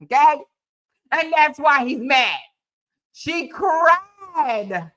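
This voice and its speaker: A woman's voice: sits high, lively intonation, extremely slow, fairly bright tone. A woman hosting casual gossip commentary, mocking and emphatic, repeating her points. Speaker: commentary host.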